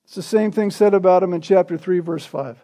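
A man delivers an expository sermon in a notably high, light voice whose tone is mellow and warm rather than bright. Speaking a little fast, he tells his stories conversationally. He keeps checking in with the congregation by asking rhetorical questions.

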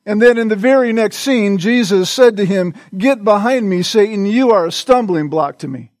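A male pastor preaching a sermon in a slow, deliberate way, repeating short phrases for emphasis. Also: sits high, expressive, darkish tone, dry recording.

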